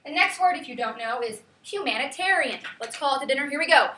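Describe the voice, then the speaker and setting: A woman teaching a class, leading students with lively, sing-song calls. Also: high voice, fast, very noisy. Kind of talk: classroom lesson. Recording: echoey classroom from far off.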